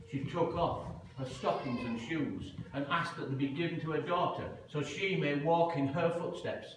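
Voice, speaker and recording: A man telling a story live, dramatic and animated, acting out the voices he quotes. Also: medium pitch, slight background noise. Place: large museum hall. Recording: echoey hall, heard from a distance.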